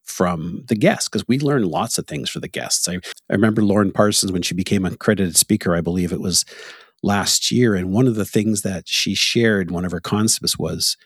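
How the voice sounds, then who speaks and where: Canadian male podcast host, low husky voice, animated and anecdotal, dry close sound. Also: moderate pace, no room sound. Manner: animated, laughs often, tells anecdotes. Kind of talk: casual conversation.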